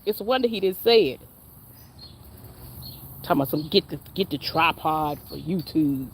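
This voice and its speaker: A woman's voice: deep voice, lively intonation, normal speed, slight background noise. A woman, chatting and laughing with viewers on a casual live stream. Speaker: livestream host.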